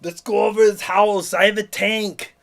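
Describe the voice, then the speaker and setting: A man's voice: sits high, level tone, moderate pace, vocal fry, pitched above the performer's own voice. A man voicing a bombastic action hero who owns a tank. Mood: blustering.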